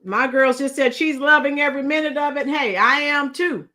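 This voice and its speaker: A middle-aged woman with a high, bright voice hosts a casual livestream. She chats with her viewers and greets them as they arrive. Her voice is a little strained from shouting earlier. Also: moderate pace. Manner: chatty, greets commenters, breaks into song. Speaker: livestream host.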